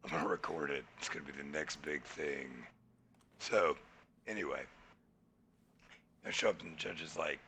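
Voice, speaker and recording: A man's voice: extremely low pitch, moderate pace, gravelly, pauses often, slight background noise. A man co-hosting a podcast, telling a story in casual chat and acting out the people in it. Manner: animated, acts out quoted people in his anecdotes. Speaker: podcast co-host.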